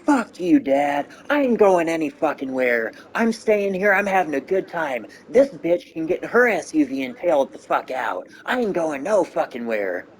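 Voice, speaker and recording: A man voicing a furious, foul-mouthed, hot-tempered uncle, yelling and cursing in a high strained voice. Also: big pitch swings, moderate pace, few pauses. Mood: raging.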